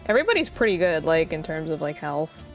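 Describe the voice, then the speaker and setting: Gravelly, low-voiced woman player. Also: big pitch swings, fast talker, faint music behind. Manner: scattered, thinking aloud, swears. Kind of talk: casual tabletop game chat.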